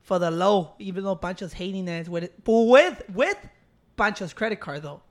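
A man with a very high voice jokes and swears freely in casual chat. He trades banter with his friends. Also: expressive, normal speed.

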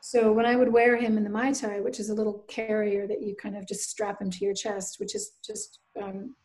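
A woman's voice: medium pitch, little pitch movement, normal speed, a little mellow, rough recording. A woman in her thirties from the Canadian Maritimes, a guest and author telling her own story in an interview, earnest and reflective, acting out quoted voices. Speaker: guest, bereaved mother and author.

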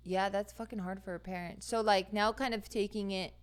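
A woman's voice: medium pitch, fairly even intonation, a little fast, clean tone. A woman co-hosting a casual podcast, teasing her partner and asking him questions. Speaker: podcast co-host. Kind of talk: casual chat.

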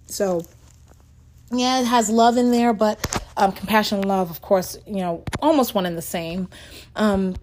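This is a woman talking straight to her viewers in a casual devotional. Her voice sits at an ordinary middle pitch. She sounds earnest and heartfelt, emotional and a little halting as she works through her thoughts. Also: a little mellow, a little hiss or hum. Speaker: devotional speaker.

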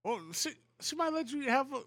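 A man's voice: very high voice, a little fast, a bit bright, no echo, studio quality. A man co-hosting a podcast, chatting in laid-back, profane, joking banter. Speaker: podcast co-host. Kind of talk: casual chat.

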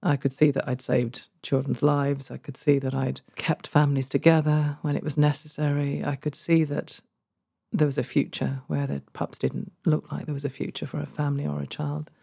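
A middle-aged woman telling a personal story in an interview, earnest and warm, laughing often and growing emotional. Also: sits low, flat delivery, normal speed, gravelly, husky. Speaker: guest, former social care worker. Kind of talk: conversational storytelling.

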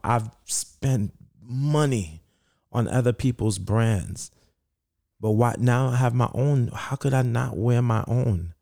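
Slow and mellow, with a mid-range voice and a touch of vocal fry, a middle-aged man shares his story in an interview. He's the founder of a sneaker charity from Brooklyn, New York, speaking earnestly, repeating himself, and dramatizing quoted dialogue. The sound is clean studio audio without any room sound.

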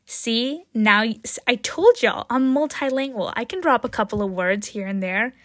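Chatty, excitable woman podcaster. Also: moderate pace, no room sound, studio quality. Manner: chatty and jokey, with frequent "right?" and "um"; excitable, with sudden jumps in pitch and loudness. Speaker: podcast host. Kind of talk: casual solo podcast chat.

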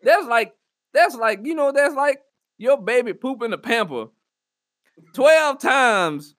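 A man's voice: high voice, sing-song, normal speed, bright, forceful tone, no echo, clean studio sound. A man hosting his own podcast, chatting casually and rambling with jokes and slang. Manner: joking, slangy, rambling banter. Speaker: podcast host. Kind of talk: casual solo podcast chat.

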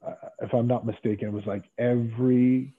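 Husky middle-aged man on a tinny line. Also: medium pitch, fairly quick. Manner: animated storyteller acting out other people's lines. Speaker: interview guest. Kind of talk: casual storytelling interview.

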